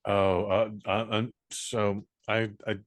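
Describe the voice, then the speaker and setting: A man's voice: lowish voice, little pitch movement. A man from the United States co-hosting a podcast in easygoing casual chat, hesitant, with many fillers. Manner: easygoing, hesitant, lots of fillers and quick reactions. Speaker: podcast co-host.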